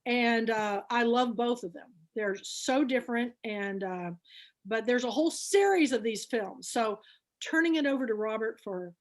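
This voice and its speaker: Woman, fairly high voice, chatty, rambling storyteller, casual club host. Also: normal speed. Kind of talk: casual book club chat.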